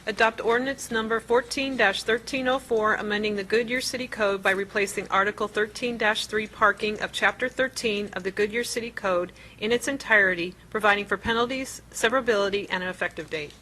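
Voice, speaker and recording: A woman city clerk calling a roll call vote and reading an ordinance title in a crisp, formal way. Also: medium pitch, brisk, hardly any pauses, pushed and bright, a little hiss or hum, low-quality recording.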